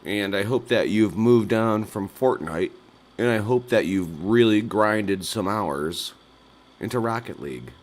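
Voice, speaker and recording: A man's voice: lowish voice, unhurried. A man hosting a nightly call-in livestream, rambling through absurd jokes and laughing at his own bits. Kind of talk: rambling absurdist live-stream chat.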